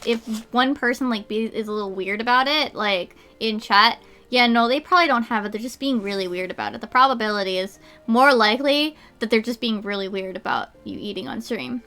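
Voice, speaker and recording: A woman's voice: on the high side, fairly quick, pushed and bright, soft background music. A woman streamer chatting casually and rambling with lots of fillers while snacking. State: eating while talking. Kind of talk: casual chat.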